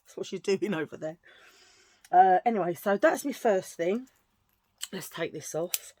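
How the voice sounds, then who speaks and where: A woman's voice: medium pitch, lively intonation, unhurried, dark tone. A woman chatting casually through a thrift-shop haul at home, gushing and rambling with restarts. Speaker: vlogger showing a thrift haul.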